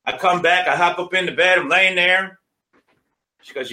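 A man's voice: high-pitched, moderate pace, sharp tone, reverberant. A man sharing a personal faith testimony, emphatic and retelling conversations line by line. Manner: emphatic, retells dialogue with many "she says".

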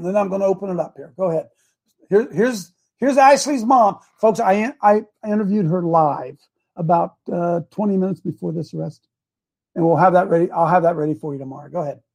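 A man's voice: high-pitched, a little fast, a little mellow. A man hosting a live show, talking like a preacher and repeating himself for emphasis. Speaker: host. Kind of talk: live stream talk.

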